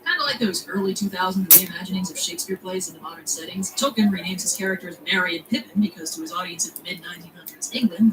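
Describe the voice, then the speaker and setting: Fast, wry woman narrating a video essay. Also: mid-range voice, noisy background. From United States. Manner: wry, sarcastic asides.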